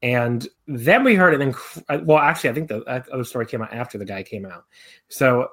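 A man's voice: medium pitch, expressive, fairly quick, a bit bright, slightly rough. A young man co-hosting a podcast in casual chat, rambling with many fillers and restarts. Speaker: podcast co-host.

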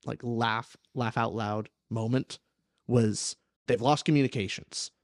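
Young man, podcast host, animated, casual chat, dry close-mic sound. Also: medium pitch, measured pace, dry recording. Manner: animated, acts out quoted characters. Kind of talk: casual book discussion.

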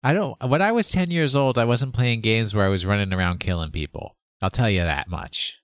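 A man co-hosting a casual podcast, telling opinionated stories in an animated way and adding his own sound effects. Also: lowish voice, brisk, no room sound, studio quality. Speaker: podcast co-host. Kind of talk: casual chat.

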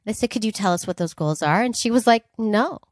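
Animated woman telling a story on a podcast. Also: mid-range voice, fast talker, dry recording, studio quality. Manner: emphatic, animated, laughs readily. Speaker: podcast co-host. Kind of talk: casual chat, storytelling.

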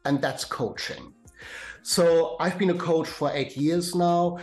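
A middle-aged career and life coach with a German accent is interviewed on a podcast, explaining things in a measured way with some hesitant fillers. His voice is a little high, with a darkish tone.

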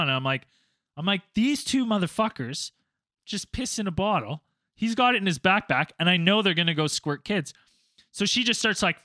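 A man with a high, bright voice tells a story to his friends in a lively, profane way. He shouts out the quoted lines. The sound is dry and close to the mic. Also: no room sound. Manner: animated, acts out quotes, swears a lot. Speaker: storyteller, former teacher abroad. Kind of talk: casual storytelling among friends.

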